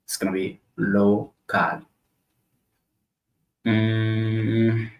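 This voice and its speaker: A man livestreaming his own language study, slowly reading word lists aloud and repeating each word to practice. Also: fairly low pitch, steady tone, a little mellow. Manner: slow, reads words aloud and repeats them to practice.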